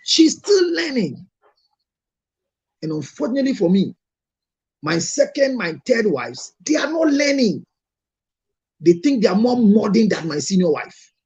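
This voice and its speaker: A man's voice: high voice, big pitch swings, moderate pace, darkish tone, breathy edge. A Ghanaian man, a marriage counselor, telling stories to an audience and scolding with rhetorical questions. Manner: scolding, rhetorical questions, mixes in Twi phrases. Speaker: marriage counselor and show host. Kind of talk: lively storytelling talk to an audience.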